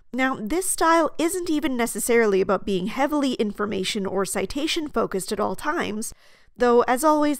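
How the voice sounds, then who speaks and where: A woman hosting her own video essay, reading a measured, articulate scripted commentary. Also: on the high side, dry recording, studio quality.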